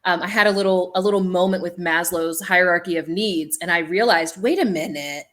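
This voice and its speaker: A woman speaking as an initiated shaman with a business background on a panel, an animated storyteller with many ums. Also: fairly low pitch, a little fast.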